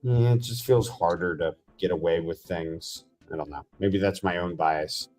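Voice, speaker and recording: A man's voice: deep voice, normal speed, a little mellow, soft background music. A man hosting a casual miniature-painting chat, rambling enthusiastically as he tells stories. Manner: chatty, rambling, enthusiastic storyteller.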